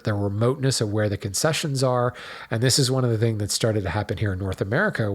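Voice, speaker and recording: A man hosting a show, explaining in a casual, conversational way, stepping through the process with asides and small restarts. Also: lowish voice. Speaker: woodworking show host. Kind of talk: casual educational talk.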